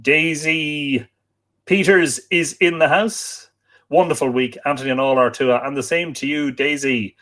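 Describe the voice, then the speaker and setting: A man's voice: a little high, steady tone, unhurried, a bit bright. An Irish man hosting a live online show, chatting casually and reading out greetings from viewers. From Ireland. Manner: chatty, reads out viewer comments. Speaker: livestream host. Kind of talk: casual livestream chat.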